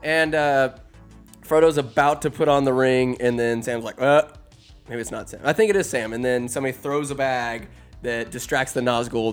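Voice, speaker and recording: A man recapping a fantasy film in casual, sarcastic commentary, animated and quick to put on voices for the characters. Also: a little high. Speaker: movie recapper. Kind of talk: casual comedic movie recap. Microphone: phone or desk mic, recording alone.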